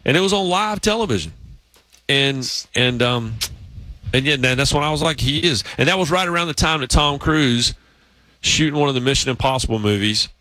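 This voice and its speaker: A man's voice: mid-range voice, a little fast, pushed and bright, no echo. A man hosting a sports talk show, telling long stories in a casual, rambling way. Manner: storytelling, rambling with restarts. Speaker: podcast host.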